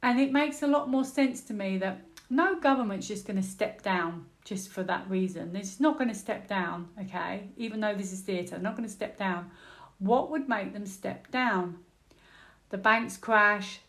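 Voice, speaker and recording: A British woman doing a tarot reading, thinking out loud, exclaiming and repeating words as she turns cards. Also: mid-range voice. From United Kingdom. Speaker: tarot reader.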